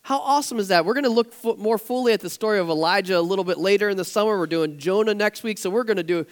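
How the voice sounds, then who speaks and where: A male pastor preaching a casual, storytelling sermon in a church, growing animated and nearly shouting when excited. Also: high-pitched, quick pace.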